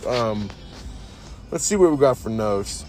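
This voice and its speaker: A man's voice: medium pitch, expressive, slow pace, darkish tone, soft background music. A tipsy man hosting a casual, rambling podcast monologue, swearing freely and saying "dude" constantly. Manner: profane, says "dude" constantly. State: tipsy from drinking beers. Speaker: podcast host.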